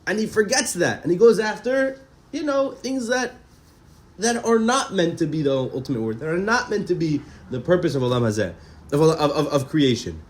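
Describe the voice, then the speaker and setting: Animated man teaching a Torah class. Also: a little high, moderate pace. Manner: animated, repeats words, asks rhetorical questions. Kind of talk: Torah class, reading and translating Hebrew texts.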